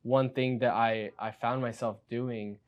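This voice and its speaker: A young man in his twenties, a guest on a podcast interview, talking casually and excitably, full of "like" as he tells his story. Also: mid-range voice, measured pace, dull audio. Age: 20s. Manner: energetic, excitable storyteller with frequent "like". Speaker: guest, new insurance agent.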